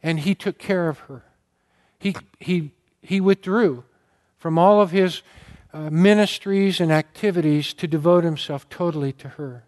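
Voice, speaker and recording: A man's voice: a little high, a little slow, a little mellow. A man preaching a sermon, telling a story earnestly and with feeling. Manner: earnest, emotional storytelling, gets choked up. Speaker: pastor.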